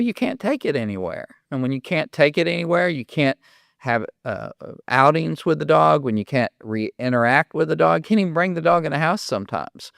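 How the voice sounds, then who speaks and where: A man's voice: mid-range voice, vocal fry, a bit bright, dry recording, studio quality. An older man from Oklahoma hosting a podcast, telling folksy stories and acting out both sides of conversations. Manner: folksy storyteller, acts out dialogue. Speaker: podcast host and dog trainer. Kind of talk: casual podcast monologue with stories.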